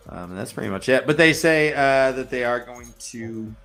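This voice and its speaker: A man's voice: mid-range voice, normal speed, few pauses, a bit bright, faint music behind. A man casually recapping book chapters on a chat show, loose and joking, sliding into playful character voices and crude asides. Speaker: podcast host recapping chapters.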